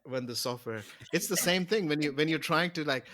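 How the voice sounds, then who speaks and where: A man's voice: a little high, a little fast, hardly any pauses, sharp tone, no echo, clean studio sound. A man co-hosting a podcast, joking and rambling with plenty of laughter. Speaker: podcast co-host. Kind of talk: casual chat.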